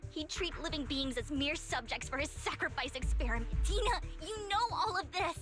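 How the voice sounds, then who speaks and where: A woman's voice: high-pitched, lively intonation, moderate pace. An actress voicing a loyal, composed young woman guarding her lord in a game, cool and formal, over background music. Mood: calm.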